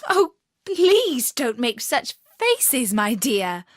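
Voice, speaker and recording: A woman voicing Alice, a curious, kindly young girl who speaks gently and often in a hush. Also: a little high, very animated, slow pace, dry recording, studio quality, exaggerated voice. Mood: amused. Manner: gentle, often hushed and whispery.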